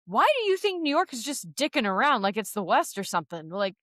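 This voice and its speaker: A woman's voice: medium pitch, very animated, brisk, a bit bright, no echo. Female podcast co-host from Southern Indiana, chatty and playful, dry close recording. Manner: chatty, laughs easily, playful with accents. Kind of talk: casual movie chat.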